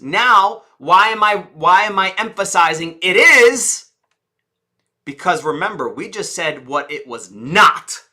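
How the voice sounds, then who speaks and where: A man teaching public speaking, who punctuates points with dramatic stress, rhetorical questions and sudden drops to a low, soft voice. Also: expressive, measured pace. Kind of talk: presentation skills lesson.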